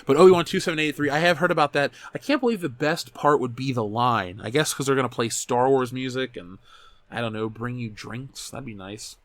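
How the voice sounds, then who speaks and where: A man in his thirties hosting a loose, unscripted talk show and answering his viewers' comments. His delivery is animated and peppered with swearing, with frequent restarts as he corrects himself. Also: mid-range voice, fairly quick, no room sound. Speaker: show host reading live chat. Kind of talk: casual chat.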